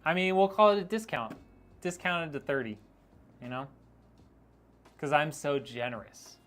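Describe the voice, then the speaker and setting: A man hosts a casual PC-building livestream, reading chat messages aloud into his microphone. His voice sits a little higher than most men's, and he teases his viewers in a loose, joking way, laughing often. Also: expressive, a little slow, a bit bright. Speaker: streamer building PCs.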